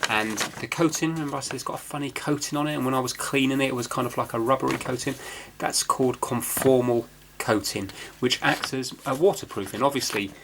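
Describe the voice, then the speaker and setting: A man's voice: medium pitch, fairly quick, noisy background. A man hosting a repair video, explaining his work in a casual, rambling way with plenty of fillers and restarts. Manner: chatty, rambling, self-deprecating, many fillers and restarts.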